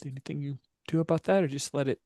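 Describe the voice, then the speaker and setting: A man narrating as game master of a tabletop game, voicing characters and pausing with fillers. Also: on the high side, warm tone, no echo, clean studio sound. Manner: voices many characters, hesitant fillers.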